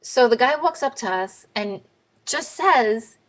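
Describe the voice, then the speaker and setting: A woman tells a story to camera in a casual vlog. She is blunt and swears freely. Her delivery is animated, with a lot of back-and-forth. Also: on the high side, moderate pace, rough recording. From New York. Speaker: vlogger.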